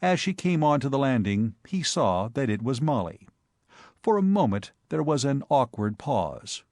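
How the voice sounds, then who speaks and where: A man narrating a comic novel as an audiobook, expressive and wry. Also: medium pitch, measured pace, no echo, clean studio sound. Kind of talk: scripted narration of comic fiction.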